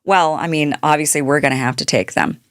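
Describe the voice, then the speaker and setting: Delivering an off-the-cuff political commentary monologue, this woman host has a deep voice and speaks a bit fast. She's indignant, fires off rhetorical questions, and keeps restarting her sentences. The studio sound is clean, with no echo.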